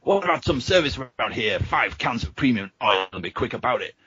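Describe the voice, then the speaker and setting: A man voicing rowdy, demanding alien customers in a loud, pushy manner, in a reading of a gamebook. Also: mid-range voice, lively intonation, brisk, slightly rough, no echo, muffled recording, pitched above the performer's own voice, full character voice.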